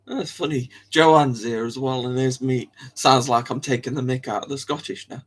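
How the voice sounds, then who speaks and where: A man's voice: mid-range voice, fairly even intonation, normal speed. Rambling, giggly young man streaming. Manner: rambling, chatty, giggles often, self-interrupting. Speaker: live stream host. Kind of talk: casual live-stream chat.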